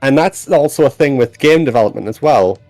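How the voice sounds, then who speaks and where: A man's voice: medium pitch, animated, fairly quick, darkish tone, dry recording, soft background music. A man who works as a voice actor, chatting casually and rambling with restarts on a development stream. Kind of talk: casual chat on a dev stream.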